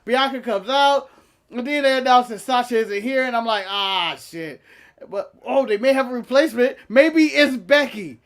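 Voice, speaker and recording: Animated, profane storytelling man. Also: extremely high pitch, normal speed. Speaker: podcast co-host. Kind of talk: casual storytelling chat.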